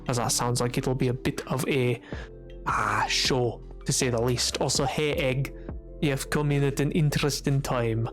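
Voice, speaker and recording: A man streaming a game who chats quietly with his viewers, joking along in a playful put-on Scottish-Irish accent. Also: medium pitch, steady tone, a little slow, soft background music. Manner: talking quietly, resting his voice. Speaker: Minecraft streamer. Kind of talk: casual livestream chat while gaming.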